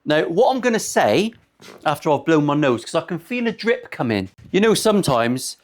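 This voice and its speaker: This fairly high, widely swinging male voice belongs to a luthier in his 40s talking at normal speed as he works on a guitar in his shop. His talk is chatty and meandering, drifting into sweary, crude humor.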